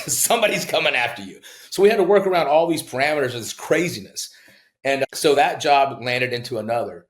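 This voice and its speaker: Animated male builder telling stories, roomy sound. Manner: animated storyteller who acts out quoted people with big jumps in pitch. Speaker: home builder, podcast guest. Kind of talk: casual storytelling in a podcast interview.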